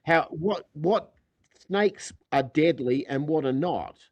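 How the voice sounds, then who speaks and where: A middle-aged man with an Australian accent, chatting casually as a podcast guest and telling animated stories that act out quoted dialogue. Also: on the high side, slow, no echo, lo-fi sound. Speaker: podcast guest, recording engineer. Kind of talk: casual chat.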